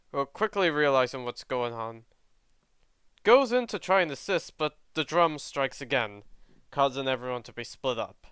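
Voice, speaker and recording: Man, casual fan story narration, unhurried, bright clear voice, dry close sound. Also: mid-range voice, no room sound. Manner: chatty, self-correcting, laughing asides.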